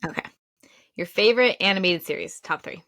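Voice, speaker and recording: A woman's voice: medium pitch, fairly quick, fairly bright tone, no room sound. A woman co-hosting a podcast in casual chat, talking loosely with lots of fillers and laughing easily. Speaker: podcast co-host.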